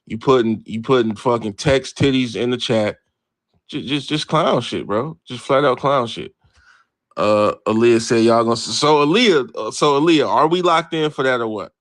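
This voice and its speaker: A man's voice: medium pitch, normal speed, no room sound, clean studio sound. Brash man riffing to his live chat. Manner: brash, animated, reads and answers chat, swears freely. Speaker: livestream host. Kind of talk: casual profane sports talk to live chat.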